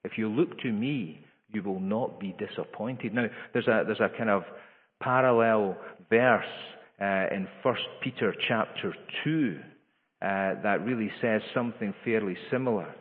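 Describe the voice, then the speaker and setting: A man preaching a sermon in an earnest way, his voice rising higher and louder for emphasis, with frequent restarts. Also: measured pace. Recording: echoey hall over a tinny lo-fi line.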